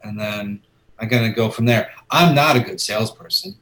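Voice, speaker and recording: A middle-aged man, a comic book artist, telling anecdotes in casual chat and lively acting out the voices in them. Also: fairly low pitch, normal speed. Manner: animated storyteller, acting out voices.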